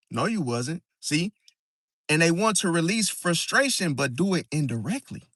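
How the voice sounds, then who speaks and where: A man's voice: a little high, fairly bright tone, dry recording, clean studio sound. A man hosting an astrology video, talking casually and emphatically, keeps asking "see?" and calling the listener "bro", often restarting and repeating words as he explains. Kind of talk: casual monologue to camera.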